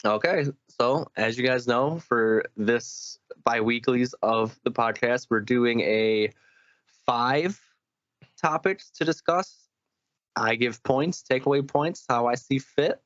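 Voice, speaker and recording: A man's voice: mid-range voice, slow pace, fairly bright tone, no echo. Sleepy male podcast host, laid-back, dry humor, dull lo-fi dry recording. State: tired. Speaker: podcast co-host and game judge. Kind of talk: casual podcast chat.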